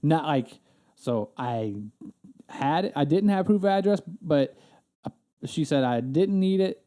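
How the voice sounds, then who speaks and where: A man's voice: a little high, animated, slow pace, warm tone. A man co-hosting a casual podcast, telling a story animatedly with plenty of swearing and acted-out quotes. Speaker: podcast co-host. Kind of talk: casual chat.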